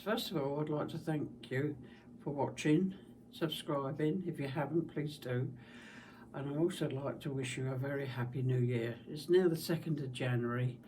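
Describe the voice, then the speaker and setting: A middle-aged woman with a London-area English accent and a slight Scottish tinge, chatting casually in her husky smoker's voice about her quilting. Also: sits low, warm tone. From southeast England. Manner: chatty, rambling, homely. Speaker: quilting channel host. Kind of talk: casual chat. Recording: distant mic with faint background hiss.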